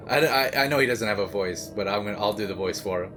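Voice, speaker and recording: A man's voice: medium pitch, normal speed, fairly bright tone, faint music behind. A man hosting a movie reaction, rambling and joking as he talks back to the screen. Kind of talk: casual reaction commentary.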